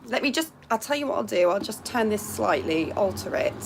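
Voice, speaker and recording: A woman's voice: mid-range voice, expressive, fairly quick, slight background noise. A woman hosting a casual live stream from home by a window, chatting to viewers in a rambling way and reading out their comments.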